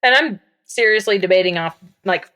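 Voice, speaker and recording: A woman's voice: mid-range voice, normal speed, bright, forceful tone. A young woman guest on a podcast, candidly recounting a personal story in a casual way with many fillers.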